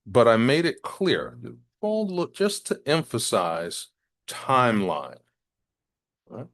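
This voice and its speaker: A man teaching business English, speaking deliberately and stressing key words to demonstrate intonation. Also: mid-range voice, wildly swooping pitch, a bit bright. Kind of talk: presenting a business English lesson.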